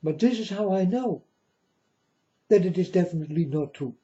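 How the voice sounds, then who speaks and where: A channel host with a high-pitched, expressive, mellow voice speaks at a moderate pace, delivering a blunt, scornful, preachy ranting monologue. The recording sounds dull and lo-fi.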